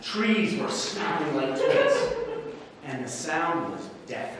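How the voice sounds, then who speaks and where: A man with a Canadian accent giving a lively storytelling speech to a live audience in a large hall. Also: medium pitch. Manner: animated, playful, audience-engaging. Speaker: speech contestant. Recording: echoey hall, distant mic, audience noise.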